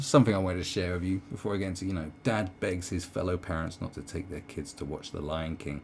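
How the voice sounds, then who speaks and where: British male vlogger, deep gravelly voice, sarcastic rant, swings his pitch all over. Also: big pitch swings, a little fast, a little hiss or hum. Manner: sarcastic, swearing, many ums and restarts. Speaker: commentary vlogger. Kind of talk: ranting video commentary.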